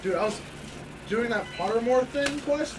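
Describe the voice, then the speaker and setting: A man's voice: very high-pitched, animated, normal speed. A man teasing his friends with jokes during a charity gaming livestream. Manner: teasing, jokey. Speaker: marathon streamer. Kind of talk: casual banter while gaming. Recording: distant mic with game music.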